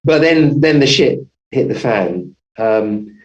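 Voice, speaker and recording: A man's voice: medium pitch, expressive, slow, muffled recording. A man, a family physician, telling his story as an interview guest, rambling with many restarts and self-corrections.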